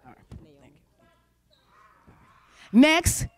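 A woman's voice: very slow, dry recording. A woman hosting a congregation youth talent show, cheerfully calling up children and handing out awards, speaking. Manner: animated, cheering, calls out names. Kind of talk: lively emcee handing out awards. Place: congregation hall.

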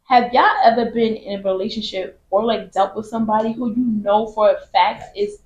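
A woman's voice: mid-range voice, fairly even intonation, fairly quick, roomy sound, muffled recording. A woman hosting a casual podcast, steadily explaining her view and asking the next question. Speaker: podcast host.

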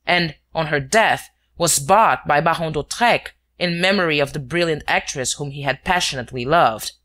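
A dogged, sententious veteran inspector , as an audiobook narrator reads him, laying out his reasoning point by point. The voice stays bright and clear. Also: medium pitch, lightly acted. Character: stubborn veteran male police inspector.

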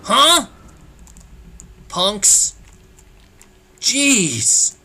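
Lively, joking gamer guy. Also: mid-range voice, unhurried. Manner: joking, animated, breaks into shouts and laughs. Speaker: let's play gamer. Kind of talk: gameplay commentary.

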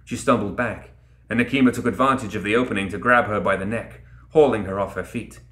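Brief: low male narrator, dramatic storybook reading, roomy echo. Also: steady tone, a little fast, fairly bright tone. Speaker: audiobook reader. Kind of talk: scripted fantasy narration.

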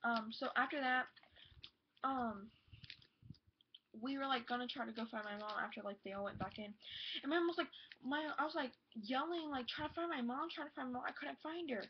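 A teenage girl telling a rambling, excited storytime vlog, gushing and full of "like" and "oh my god". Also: high voice, a little fast, slight background noise. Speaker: vlogger. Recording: dull lo-fi home video audio.

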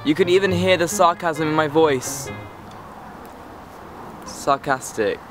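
A man's voice: on the high side, fairly even intonation, normal speed, over music. Sarcastic teenage boy vlogging. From England. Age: teens. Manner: sarcastic, rambling, easily distracted. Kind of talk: casual chat to camera. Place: outdoors.

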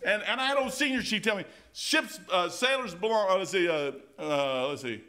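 Folksy, animated pastor with a bright voice. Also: male voice, sits high, moderate pace. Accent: American. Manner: folksy and animated, keeps saying "man", tells anecdotes. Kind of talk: informal verse-by-verse sermon. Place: church sanctuary.

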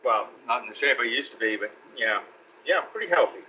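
Chatty Texan man, very bright tone. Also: mid-range voice, lively intonation, brisk. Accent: Texan Southern. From East Texas. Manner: chatty, rambling, laughs between anecdotes. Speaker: guest actor. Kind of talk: casual interview storytelling. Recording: muffled podcast audio with faint hiss.

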